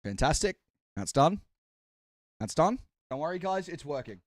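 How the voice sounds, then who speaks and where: Hoarse high-voiced male streamer. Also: very animated, moderate pace, no echo, studio quality. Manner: chatty, talks to chat while fiddling with setup. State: worn-out hoarse voice. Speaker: live streamer hosting a watch party. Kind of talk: live stream chat.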